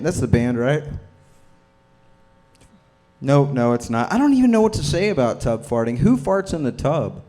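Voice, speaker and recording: A man's voice: mid-range voice, big pitch swings, normal speed, pauses often, warm tone. A man performing a short stand-up set in a comedy club, delivering awkward, crude one-liners.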